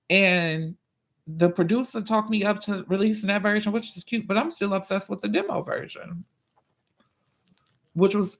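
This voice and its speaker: A man hosting a casual livestream, reading viewer comments and chatting in a profane, drawn-out way. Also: high voice, fairly bright tone. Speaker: livestream host and musician.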